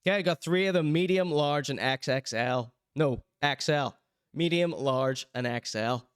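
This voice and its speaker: A man's voice: fairly high pitch, a little slow, clear, resonant tone, no room sound, studio quality. A man hosting his own online show, plugging t-shirts in a joking, rambling, self-mocking way. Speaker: show host.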